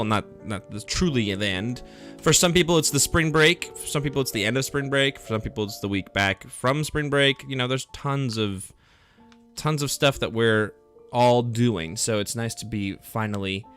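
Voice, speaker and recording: A young man talks through his gameplay stream in a loose, rambling way, upbeat and thinking out loud. His voice sits at an ordinary middle pitch, with quiet music playing underneath. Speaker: game streamer. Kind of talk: casual live gameplay chat. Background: faint background music.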